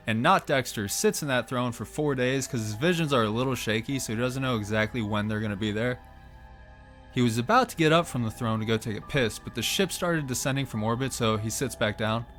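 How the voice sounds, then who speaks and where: A man at a mid-range pitch tells a story with sarcastic, profane humor. He breaks in with quick offhand jokes. Faint music plays under his voice. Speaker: channel host. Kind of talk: irreverent comedic narration.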